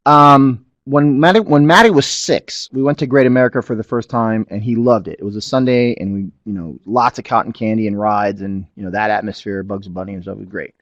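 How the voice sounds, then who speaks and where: A man's voice: on the low side, brisk, hardly any pauses, no echo. A middle-aged man giving a business webinar, telling a family story and often asking the audience whether it makes sense. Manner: animated storyteller, asks the audience to agree. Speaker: webinar presenter.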